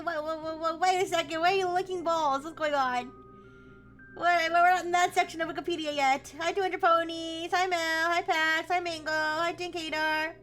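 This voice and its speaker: A woman's voice: high-pitched, flat delivery, measured pace, a bit bright, faint music behind. A young woman streaming a game live, chatting casually and laughing often as she greets viewers by name.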